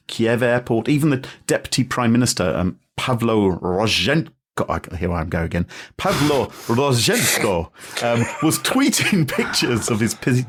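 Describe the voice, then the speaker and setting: Lively man explaining at length. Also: medium pitch. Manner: animated, explanatory, wry asides. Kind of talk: podcast discussion.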